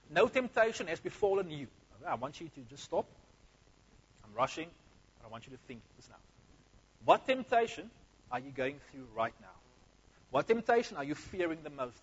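Husky male preacher. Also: on the high side, lo-fi sound. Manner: energetic, conversational, addresses the congregation directly. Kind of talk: sermon.

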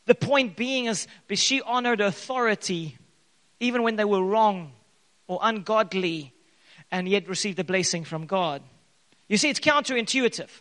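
A man preaching a sermon in an animated way, his voice echoing in a church hall. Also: high voice, normal speed. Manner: animated preaching with bursts of loud acted quotes. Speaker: pastor. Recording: long hall reverb.

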